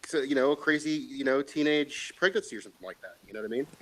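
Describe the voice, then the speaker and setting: A man's voice: medium pitch, fast talker, a bit bright, poor audio. A man in casual chat, rambling and opinionated, with lots of fillers and swearing.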